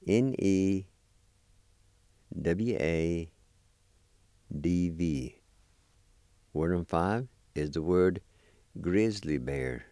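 Slow, deep-voiced man teaching words. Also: animated, mellow, no room sound. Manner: slow, deliberate, repeats each word. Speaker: language teacher. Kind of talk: slow spelling and pronunciation lesson.

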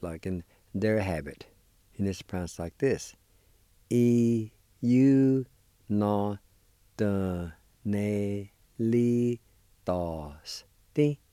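A radio language lesson led by a man. He speaks in a low, warm, unhurried voice, spelling each word letter by letter. The sound is close and dry, and he cheers his listeners on. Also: dry recording. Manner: slow, careful spelling and pronouncing of words; encouraging toward listeners. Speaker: language teacher and show host.

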